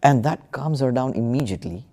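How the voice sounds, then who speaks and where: A man's voice: medium pitch, expressive, a little fast, dark tone. A man telling a true story as a podcast guest, hesitant, with many fillers and restarts. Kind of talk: casual storytelling in conversation.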